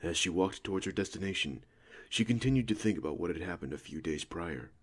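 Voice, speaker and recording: A man giving steady, scripted audiobook narration. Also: sits low, quick pace, breathy edge. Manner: steady storytelling.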